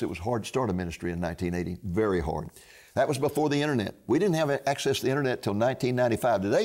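Older man, gravelly storyteller. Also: medium pitch, a little mellow. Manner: earnest storyteller, acts out quoted dialogue. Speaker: ministry founder and TV host. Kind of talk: personal testimony storytelling.

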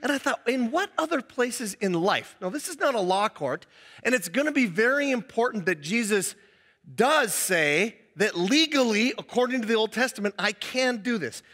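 High bright pastor guy, chatty sermon, acts out quotes, long echo in the church hall. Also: normal speed. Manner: conversational, animated, acts out quotes.

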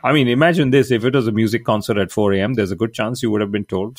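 A man co-hosting a motorsport podcast in a casual, chatty way, full of quick asides and jokes at his own expense. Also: lowish voice, no room sound, studio quality. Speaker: podcast co-host. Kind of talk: casual chat.

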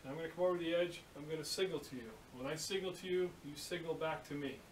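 A man playing a gruff, irritable male steelworker in a told joke, with a blustering, grumbling manner. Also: fairly high pitch, fast talker, natural voice. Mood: instructing. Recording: echoey room from a distance, hiss.

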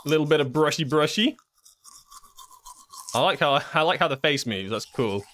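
A man's voice: a little high, a bit bright, a little hiss or hum. Joking man playing horror game. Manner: joking, sarcastic, swears, laughs often. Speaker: gaming YouTuber. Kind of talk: horror game let's play commentary.

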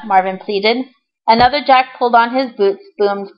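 A woman reading a children's storybook aloud with clear, even storytelling and the occasional small slip. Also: medium pitch, normal speed. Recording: dull lo-fi recording.

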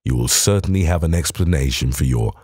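Sherlock Holmes, a man voicing a low, calm detective. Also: slightly rough, no room sound, studio quality, exaggerated voice. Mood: cool. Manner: low, measured and clipped. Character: cool, precise male detective, calm and dry. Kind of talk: audiobook character voice.

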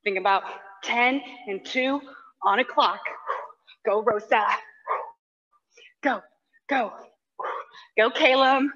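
A woman leads a live workout class in a fairly high, bright voice. She calls short, widely spaced cues, counts down and cheers people on by name, breathing hard as she works out along with them. The audio is dull and lo-fi. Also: slow, long pauses, big-room sound. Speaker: fitness instructor.

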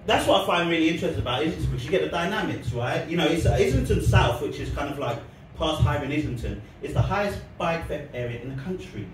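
A man who rambles through his comedy, laughing between lines. His voice sits fairly high and carries from well away from the mic. A roomy echo and steady background noise surround him. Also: fast, hardly any pauses. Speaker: stand-up comedian. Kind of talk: stand-up set and comedy vlog. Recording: echoey, distant mic, noisy background.

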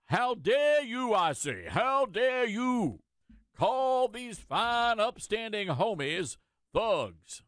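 A man's voice: very animated, fairly bright tone, dry recording, clean studio sound, full character voice. A man mimicking a pompous, outraged official. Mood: mock outrage. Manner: slow, high, theatrical outrage.

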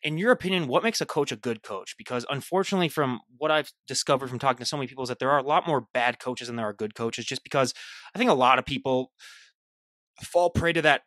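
A man's voice: mid-range voice, quick pace, a bit bright, no room sound, studio quality. A man hosting a podcast who asks his guest long, rambling questions in a casual style. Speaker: podcast host.

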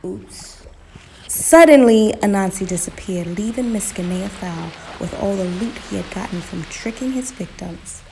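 Woman narrating a folk tale, gentle, gravelly voice, faint hiss. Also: mid-range voice, normal speed, hardly any pauses. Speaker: storyteller. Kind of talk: storybook narration.

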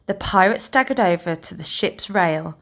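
A teacher reading a children's storybook aloud in a slow, expressive storytelling voice. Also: female voice, on the low side. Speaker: infant school teacher.

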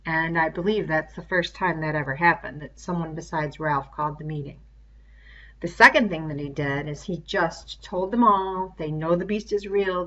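A woman's voice: lowish voice, sharp tone. A woman teacher reading a novel aloud to a class and stopping for conversational asides that explain the story. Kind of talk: classroom read-aloud with commentary. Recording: dull lo-fi recording.

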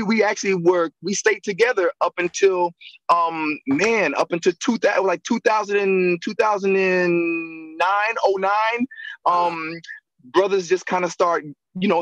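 A man, a guest actor and acting coach, telling animated stories in a casual interview, laughing and acting out the voices of people he quotes. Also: high voice, no room sound, dull audio.

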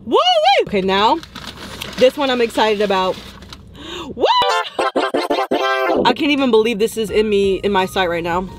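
A young woman vlogging from her parked car, chatting excitedly and swearing freely into a phone camera. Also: medium pitch, fairly quick, over loud music. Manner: excitable, swears freely, bursts of loud glee. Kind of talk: casual vlog chat.

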